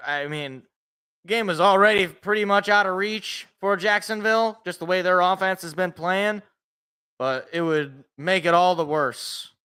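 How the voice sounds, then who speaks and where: A man's voice: sits high, pushed and bright, smooth. A young man hosting a live sports reaction, mixing casual chat with his own play-by-play calls and often restarting his sentences. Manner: chatty, rambling, restarts mid-sentence.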